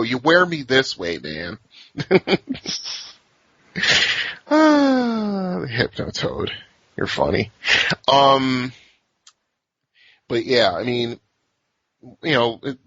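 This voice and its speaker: A man's voice: mid-range voice, bright, forceful tone, slightly rough, dry recording, muffled recording. A man hosting a podcast in casual chat, laughing often and restarting his sentences. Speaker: podcast host.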